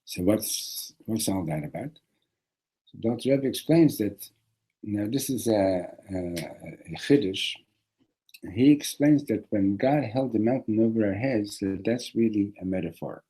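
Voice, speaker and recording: A man teaching a classroom lesson on a religious text, animated, often restarting and repeating words. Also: lowish voice, measured pace, husky, poor audio.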